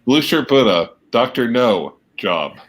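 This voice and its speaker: A man co-hosts a livestream, wisecracking and reading out jokey viewer comments in casual banter. His voice is medium-pitched and very animated, and he takes it slowly.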